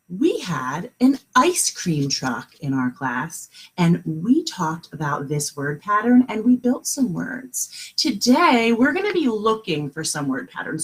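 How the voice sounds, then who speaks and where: Kindergarten teacher, woman, live from home; bouncy, husky, sounds out words slowly for little kids. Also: lowish voice, poor audio. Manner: sing-song, encouraging teacher voice, slows to sound out words. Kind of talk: live online lesson for young children.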